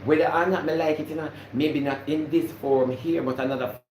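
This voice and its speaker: A man's voice: a little high, fairly even intonation, a little fast, a little mellow, roomy sound, a little hiss or hum. A Jamaican man hosting a casual live stream, preaching to viewers about responsibility and greeting them by name, repeating his points.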